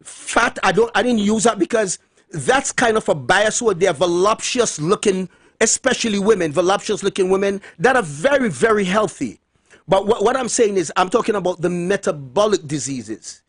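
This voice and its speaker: High-voiced man, radio host storytelling. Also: moderate pace, slightly rough, no room sound, studio quality. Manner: animated storyteller who repeats key words for emphasis. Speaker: radio talk show host. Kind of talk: radio monologue retelling a phone call.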